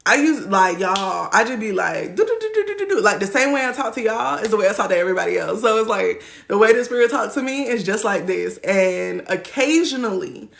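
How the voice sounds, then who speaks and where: Woman in her twenties, gravelly fry, easygoing slangy teacher chatting to a live audience. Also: mid-range voice, brisk, hardly any pauses, a bit bright. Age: 20s. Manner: loose and slangy, laughs often, acts out quoted voices. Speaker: spiritual teacher on a livestream. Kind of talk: casual livestream teaching chat.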